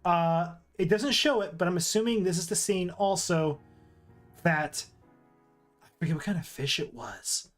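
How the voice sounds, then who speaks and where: A man's voice: high voice, expressive, a little slow, soft background music. A man streaming casual commentary while ranking movies, rambling with restarts and asides.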